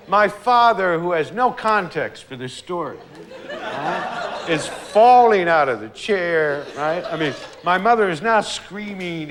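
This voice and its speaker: Older man, candid documentary storyteller, lively pitch, laughs a lot. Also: a little slow, crowd noise. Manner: animated anecdotes, laughing often, acting out quotes. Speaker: artist recalling his life.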